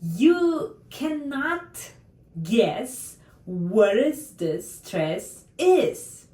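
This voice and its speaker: A woman with a Russian accent teaches pronunciation at a very slow, deliberate pace, leaning hard on key words. Her pitch rises and falls widely as she models each example. She sits a little away from the mic in a room with a noticeable echo. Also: darkish tone. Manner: slow, careful, emphatic, with non-native English grammar slips. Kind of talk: online grammar lesson.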